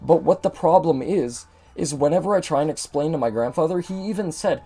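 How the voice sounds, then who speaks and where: Brief: young male gaming host, mid-high voice, mellow timbre, venting his frustration with lots of swearing. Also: brisk, husky, faint music behind. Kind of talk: ranting commentary over gameplay.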